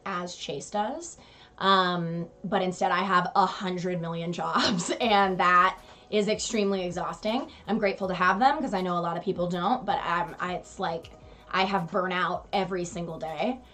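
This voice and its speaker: A woman's voice: fairly low pitch, normal speed, fairly bright tone. A young woman co-hosting a casual live chat with her partner, who laughs often and reads out viewer questions. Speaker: co-host of a couple's live stream.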